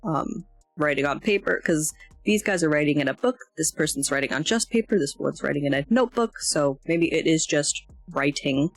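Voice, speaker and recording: A tired, yawning woman with a low, expressive voice walks through a language lesson at a normal pace, rambling, hesitating, and poking fun at herself. She streams as a language learner, and the dry recording carries faint music in the background.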